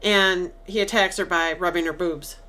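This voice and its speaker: A woman's voice: on the low side, normal speed. A woman co-hosting a podcast, casually retelling a movie scene by scene and acting out quoted lines. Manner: animated, acts out quoted lines with laughs. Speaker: podcast co-host.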